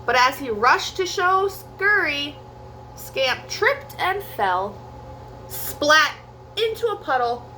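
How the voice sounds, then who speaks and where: A young woman reading a picture book aloud as a storyteller, in an expressive sing-song way. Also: high-pitched, slow, a little hiss or hum.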